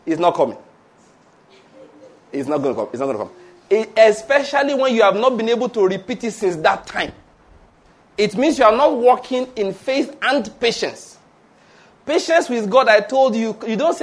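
A man delivers a sermon in a high-pitched voice. He laughs between his points, drifts from slow, weighty lines into quick asides, and has the congregation repeat after him. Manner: animated, laughing asides, call-and-response with congregation. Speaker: pastor.

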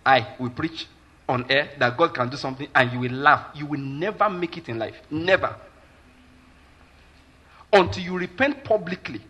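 A man's voice: a little high, moderate pace, long pauses, pushed and bright, slightly rough. A Nigerian man preaching a sermon as a pastor, emphatic and keeps asking his listeners whether they follow.

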